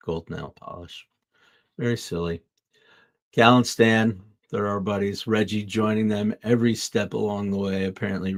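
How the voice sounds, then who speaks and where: Deep-voiced earnest man hosting a motivational talk. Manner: earnest, reflective, loose asides. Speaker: host. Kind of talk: motivational podcast monologue.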